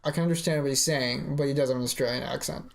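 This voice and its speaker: A man's voice: mid-range voice, fairly even intonation, rapid-fire, creaky. Rambling young man. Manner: bantering, rambling with restarts. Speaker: podcast co-host. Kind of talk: casual chat.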